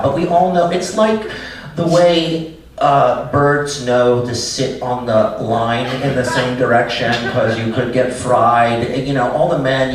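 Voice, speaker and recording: A man's voice: mid-range voice, a little hiss or hum. A man doing a live stand-up set in a small cafe, rambling and cutting himself off mid-sentence. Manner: rambling, self-interrupting delivery. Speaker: stand-up comedian. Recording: echoey room, far mic, audience. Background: laughing audience.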